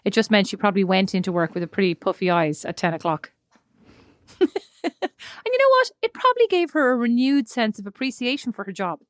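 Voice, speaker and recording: A woman in her thirties talks in a wry, self-deprecating way on a sisters' podcast. Her pitch sits mid-range, and the recording is dry and close with no room sound. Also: sing-song, a little fast, no room sound. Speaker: podcast co-host. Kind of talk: casual chat between sisters.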